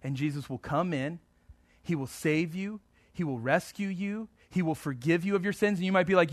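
A man preaching a sermon as a pastor, moving between quiet, tender passages and fervent, rising appeals. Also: fairly high pitch, normal speed, no echo, clean studio sound. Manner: emphatic preaching that swings between hushed and fervent.

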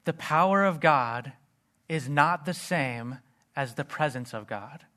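A man's voice: a little high, slow pace, bright, forceful tone. Earnest man preaching a sermon. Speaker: pastor.

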